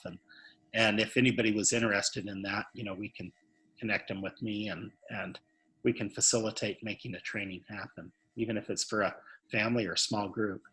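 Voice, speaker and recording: A man who speaks on suicide prevention tells a story earnestly in an interview, often repeating words to press a point home. His voice sits on the low side with a slightly bright quality.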